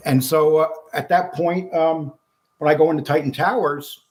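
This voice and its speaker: Blunt, animated man telling a story. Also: a little high, moderate pace. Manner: animated storyteller acting out quotes, frequent restarts; blunt, swears freely. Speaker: guest. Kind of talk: storytelling interview.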